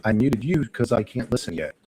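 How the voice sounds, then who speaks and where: A young man hosting a livestream from a dark bedroom, talking to his chat in a rambling, profane rant that flares into angry outbursts. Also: mid-range voice, sing-song, fairly quick, breathy edge, poor audio. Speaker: livestream host. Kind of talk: casual ranting talk to chat.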